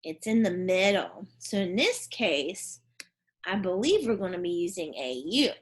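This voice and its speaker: A woman teacher leading a phonics and spelling lesson for young pupils, asking questions and encouraging them in a deliberate classroom manner. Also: lowish voice, very animated.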